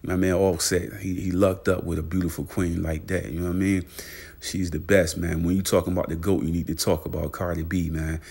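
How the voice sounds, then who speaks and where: A man with a very deep, gravelly voice hosts a casual celebrity news vlog. His pitch stays low and flat as he piles on fillers, shout-outs and hype for his viewers. His delivery repeats itself and runs loose and conversational. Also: fairly quick. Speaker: channel host.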